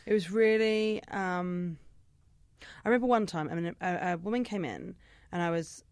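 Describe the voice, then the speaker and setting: A young woman, co-hosting a casual chat and telling animated stories. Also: fairly low pitch, normal speed, clear, resonant tone, dry recording, studio quality. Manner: chatty, animated storytelling with mimicked voices.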